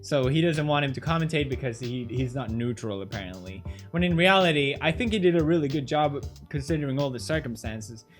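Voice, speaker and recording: A man's voice: medium pitch, lively intonation, a little fast, hardly any pauses, soft background music. A man giving sarcastic reaction commentary, mocking and laughing between clips. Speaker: commentary host.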